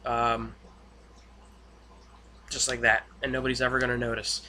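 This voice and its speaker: A man giving a casual, rambling spoken recap of a TV episode, full of fillers and excited asides. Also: mid-range voice, normal speed, slight background noise. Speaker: TV episode reviewer.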